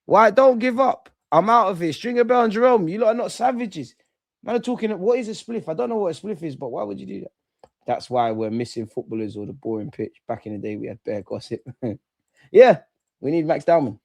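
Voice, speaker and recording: A man's voice: sits high, a little fast, creaky. A young man hosting a livestream football reaction, ranting and taunting his chat. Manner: excitable, taunting, shouts at chat. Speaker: fan channel host.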